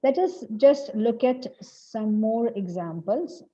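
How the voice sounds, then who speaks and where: A woman's voice: fairly high pitch, animated, dark tone. Malayali-accented woman teaching English stress. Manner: deliberate, repeats each example sentence. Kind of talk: online lecture. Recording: lo-fi online class audio.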